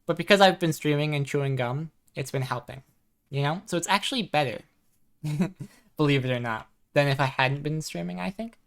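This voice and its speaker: A woman streaming a game live, chatting casually and softly, reading chat messages aloud at a desk microphone. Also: low voice, moderate pace. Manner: chatty, soft-spoken, reads chat aloud.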